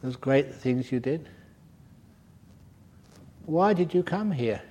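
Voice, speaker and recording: A man's voice: fairly high pitch, expressive, slow pace, a little mellow, breathy edge. An older man, a Buddhist monk, giving a humorous dharma talk, teasing and laughing at his own stories at a retreat. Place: retreat centre hall.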